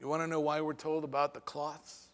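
A man preaching a sermon as pastor, with dramatic pauses and sudden swings between soft and loud delivery. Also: on the high side, flat delivery, big-room sound.

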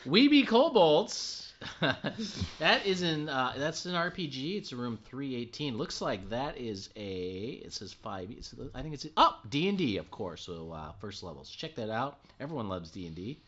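A man co-hosting a podcast, reading event listings in an animated, chatty way and correcting himself as he goes. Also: medium pitch. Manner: animated, quick to laugh, self-correcting. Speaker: podcast co-host. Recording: dull lo-fi sound.

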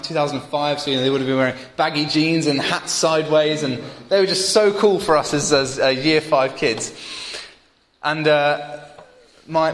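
A young man preaching a sermon, telling stories and building to emphatic points. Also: on the high side. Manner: storytelling, animated, builds to emphatic peaks. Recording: roomy church hall with long reverb.

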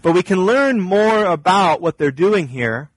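Man preaching, kinda high voice, gets louder and higher making his point, dry sound. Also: animated, measured pace, no room sound, low-quality recording. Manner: earnest preaching, rises in pitch and volume when stressing a point. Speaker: pastor. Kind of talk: sermon.

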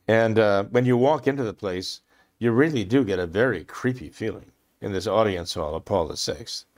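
A man giving impassioned religious commentary, emphatic and repeating phrases for stress, clearing his throat often. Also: on the low side, moderate pace, a little mellow.

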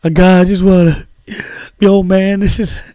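An overwrought, tearful football star, put on by a man, rises high and loud with every emotional line. He sounds close and dry, with almost no room around him. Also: little pitch movement, a little slow, no echo.

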